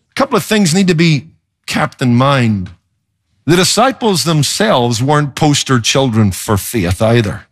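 A male pastor preaching a sermon in an expressive, emphatic way, often swinging his pitch for effect. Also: measured pace.

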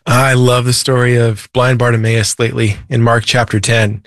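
A man's voice: mid-range voice, monotone, normal speed, a bit bright, dry recording, clean studio sound. A man, a preacher and author, earnestly retelling a Bible story as an interview guest.

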